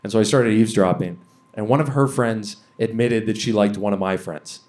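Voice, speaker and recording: A man's voice: lowish voice, a little fast, a little mellow. A young man from Canada doing a stand-up comedy set on stage, ranting profanely with lots of fillers. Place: comedy venue stage before a live audience.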